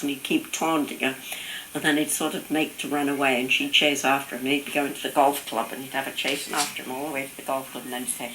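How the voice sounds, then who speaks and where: A woman's voice: extremely low pitch, fairly even intonation, fairly quick, a bit bright, echoey room, slight background noise, poor audio. An older woman telling family stories in casual conversation, amused and laughing often, sometimes mimicking her relatives' voices. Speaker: interviewee recalling family stories.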